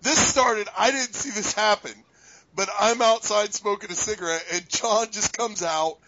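Man, high bright voice, casual profane podcast chat, lo-fi. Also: moderate pace, dry recording. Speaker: podcast co-host.

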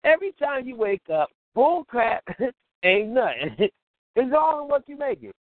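A man's voice: extremely high pitch, sing-song, a little slow, dry recording. A man hosting an internet radio show, talking casually, laughing often and acting out little scenes in quoted voices. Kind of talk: casual comedic monologue. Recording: tinny phone-line call-in audio.

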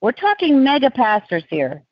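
A woman speaks as a podcast guest and drifts from one tangent to the next in loose, animated storytelling. Her voice sits close and dry on a slightly dull, lo-fi recording. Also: high voice, moderate pace, no echo. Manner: rambling, animated, digressive storytelling.

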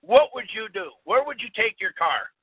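A man's voice: high-pitched, big pitch swings, moderate pace, breathy edge, no echo. A man giving a folksy, rambling talk to a small audience and quizzing them with questions. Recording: tinny phone-line recording, dry.

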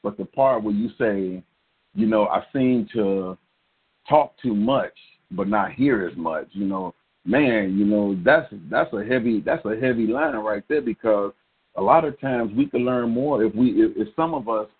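Husky laid-back man on a phone line. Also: fairly low pitch, measured pace. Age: middle-aged. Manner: laid-back, encouraging, slangy. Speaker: co-host of a call-in poetry show. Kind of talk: casual call-in radio chat. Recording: phone-line call-in audio.

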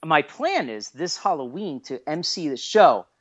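A man in his thirties, a guest on a casual podcast, telling stories in an excitable way with lots of swearing. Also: fairly high pitch, a little slow. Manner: animated, swears a lot, excitable. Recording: dull lo-fi podcast audio.

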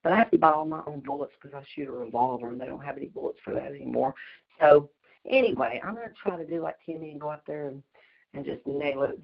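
A low-voiced middle-aged woman with a drawl tells a story at a quick, chatty clip, breaking into laughs between phrases. Her voice comes over a muffled, lo-fi call line. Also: gravelly. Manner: fast-talking, chatty, laughs mid-sentence. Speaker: community call participant. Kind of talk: casual storytelling on a group call. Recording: dull lo-fi call audio.

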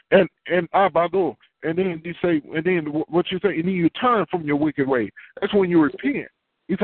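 A man's voice: fairly high pitch, moderate pace, husky, no room sound. A man preaching a sermon in a conversational way, asking the listeners questions and answering them himself. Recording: tinny phone-line sound, dry.

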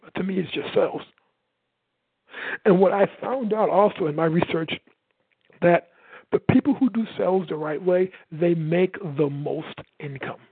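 A man from the United States gives an energetic motivational talk as a sales coach, loud and fast. His voice sits on the higher side and has a gravelly, husky edge. It comes through a dry, tinny, phone-like line. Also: no room sound. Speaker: sales coach and podcast host.

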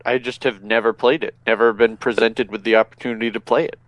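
A man's voice: medium pitch, steady tone, quick pace, a bit bright, no echo. Man, podcast co-host, wry, self-deprecating, dry close mic. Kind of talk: casual chat.

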